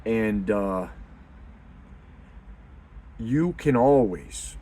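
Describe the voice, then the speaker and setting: A young man hosting a men's community video, talking casually and bluntly, calling the listener dude, with loud emphatic bursts. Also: fairly low pitch, animated, very slow. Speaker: host of a men's community channel. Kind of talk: casual unscripted monologue.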